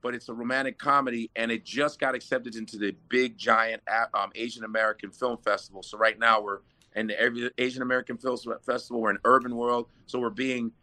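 A man, an actor being interviewed, chatting casually and telling lively stories with laughs. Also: medium pitch, quick pace. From Nigerian parents. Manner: animated storyteller, laughs often. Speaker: actor guest.

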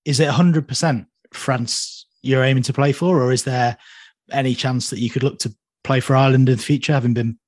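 Male co-host, mid-pitched, clear direct questions, close dry sound. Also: steady tone, brisk, no echo. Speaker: podcast host. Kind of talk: interview questions.

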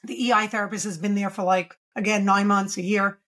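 A pediatric speech-language pathologist, interviewed as a podcast guest, speaks a little fast in a mid-range, fairly bright voice with fairly even intonation. She's enthusiastic and emphatic, posing rhetorical questions as she explains.

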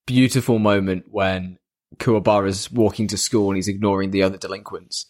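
A man with a fairly low voice, chatting on a podcast in a relaxed, enthusiastic way as he recaps scenes. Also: brisk. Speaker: podcast co-host. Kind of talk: casual chat.

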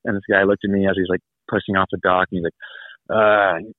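A man's voice: low-pitched, flat delivery, brisk, no room sound. A man in his thirties telling a long travel story over a call, rambling and laughing as he acts out the people in it. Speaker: guest. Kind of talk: casual storytelling. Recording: tinny phone-like line.

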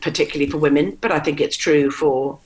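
Low-voiced candid woman, middle-aged. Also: fast, rough recording. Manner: candid, animated storytelling with mimicked quotes. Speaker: guest. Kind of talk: conversational interview.

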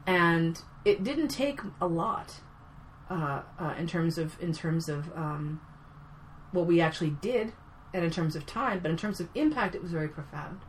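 A woman with a fairly low voice telling a story in a casual chat. She is blunt and animated, swears freely and gets loud when excited. A faint hiss runs underneath. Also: normal speed. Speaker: podcast guest, actor.

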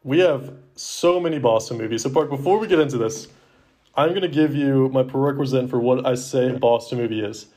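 A man's voice: mid-range voice, fairly quick, warm tone. A young man with a mid-range voice co-hosts a casual movie podcast. He is upbeat and teasing, and he leads the talk with easy confidence. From Asheville area. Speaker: podcast co-host.

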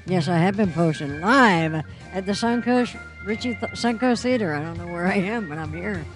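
A woman's voice: fairly low pitch, lively intonation, moderate pace, music in the background. A woman guest chatting in a bubbly, giggly way at a live event.

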